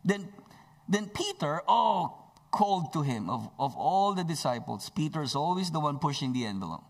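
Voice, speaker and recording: A man's voice: fairly high pitch, big pitch swings. Emphatic male pastor preaching. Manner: emphatic with drawn-out phrases and joking asides. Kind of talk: sermon.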